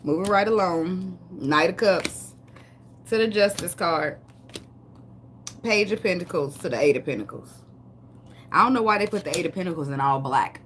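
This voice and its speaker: Low-voiced, profane, laughing woman. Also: lively intonation, normal speed, pauses often, slight background noise. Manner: loud, laughing, profane, joking asides. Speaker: tarot reader. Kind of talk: casual tarot reading with banter.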